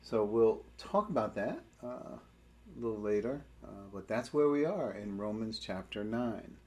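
A man leading prayer and a Bible study, speaking in a halting way as he searches for words. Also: lowish voice, lively intonation, mellow.

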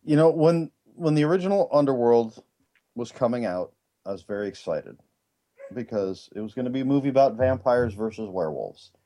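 Brief: a male co-host with a warm, mellow voice, deadpan and wry. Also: medium pitch, fairly quick. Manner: wry, sarcastic quips. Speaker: podcast co-host. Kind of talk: casual chat.

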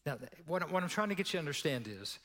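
A man's voice: a little high, sing-song, fast talker, pushed and bright. A male pastor preaching a sermon in a conversational, storytelling way, with laughing asides and acted-out quotes. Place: church sanctuary. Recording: long church hall reverb.

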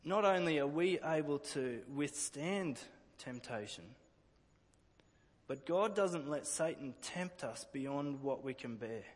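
A man's voice: a little high, animated, slow pace, long reverb tail. A man preaching a sermon earnestly, often repeating words as he restarts a phrase. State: emotional at times.

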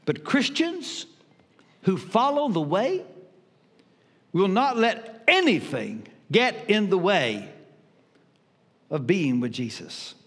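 An older man preaching a sermon as pastor, emphatic with dramatic pauses. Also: high voice, sing-song, fairly bright tone, husky. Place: church sanctuary. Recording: reverberant church hall.

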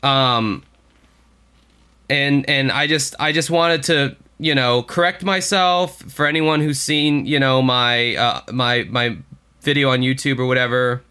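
A man's voice: medium pitch, unhurried, pushed and bright, clear, resonant tone. A man co-hosting a podcast, chatting in a rambling, profane, self-deprecating way. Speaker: podcast co-host. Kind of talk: casual podcast chat.

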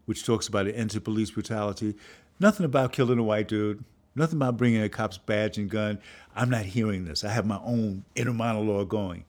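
An older man, a filmmaker and professor, telling a story and acting out the voices of people in it. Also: darkish tone. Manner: acts out voices of people in his story, jumping high in pitch. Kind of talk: animated storytelling.

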